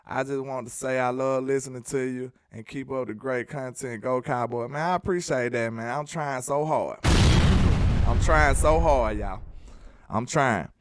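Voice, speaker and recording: A man from Alabama, hosting a casual sports live stream, reading viewer messages and joking in a sing-song, animated way. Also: medium pitch, moderate pace, clean tone.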